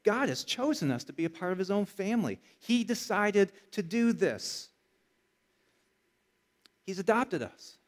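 A man's voice: sits high, a little slow, pauses often. Conversational man preaching a sermon. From Michigan. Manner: conversational storytelling, builds to energetic emphasis. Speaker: pastor.

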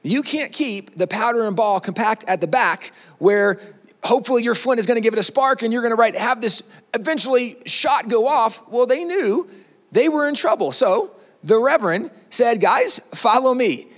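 Brief: high-pitched man, animated history storyteller, conversational, long hall reverb. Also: moderate pace. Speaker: speaker.

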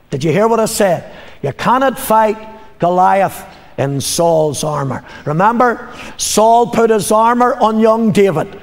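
With a gravelly voice that sits high, an older Northern Irish pastor preaches in a large, open-sounding space. He says his lines over and over, urging the congregation to respond.

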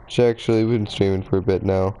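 Male game streamer, low mellow voice, loose rambling chatter, pokes fun at himself. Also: steady tone, fast talker, clean tone, low-quality recording. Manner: rambling, chatty, self-deprecating. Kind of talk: casual live game streaming.

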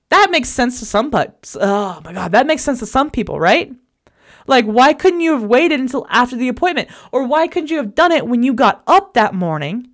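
A woman vlogger telling a personal story in an emphatic, exasperated way, recorded in a bedroom at home. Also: on the high side.

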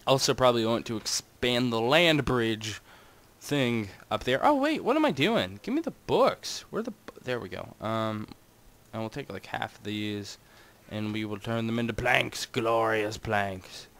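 A man's voice: expressive, moderate pace, a bit bright. A young man giving casual, rambling commentary while playing a game and talking to his viewers. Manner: rambling and chatty, talks to his audience, jumps between wild highs and mutters. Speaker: Minecraft gaming channel host.

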